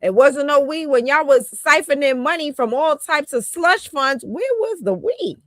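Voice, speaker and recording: A woman's voice: high voice, lively intonation, normal speed, no room sound. A woman giving heated, scornful commentary on a live stream, laughing and talking in a colloquial way. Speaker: commentator on a political talk stream.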